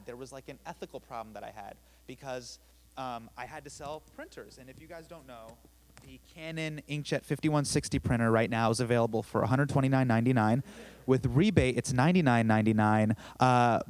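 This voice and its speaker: A young man tells a personal story on stage with an average pitch. He is self-deprecating and animated, dropping to quiet asides and then rising into sudden loud bursts. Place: theater stage.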